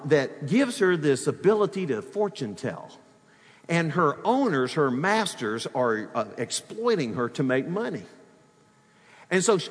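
A man delivers a sermon with a lively, swooping delivery, his voice sitting a little high for a man. He tells the story with humor and asides. A long reverb from a large hall trails behind each phrase. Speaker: pastor.

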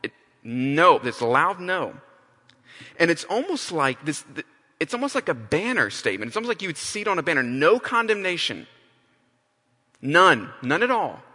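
A man's voice: fairly high pitch, very animated, a little fast, sharp tone. A man preaching a sermon, emphatic, often restarting and repeating phrases. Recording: long hall reverb.

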